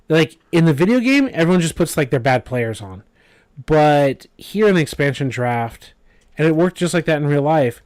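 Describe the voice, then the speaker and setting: A man's voice: mid-range voice, a little mellow, no room sound. A man giving casual, rambling commentary over a video game, full of fillers and asides. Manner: rambling, filler-heavy, conversational.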